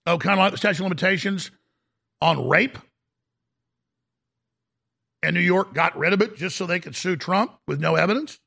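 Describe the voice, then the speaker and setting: Male talk radio host, indignant ranter, high, gravelly and husky. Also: normal speed, long pauses, pushed and bright. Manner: indignant, ranting, mocking.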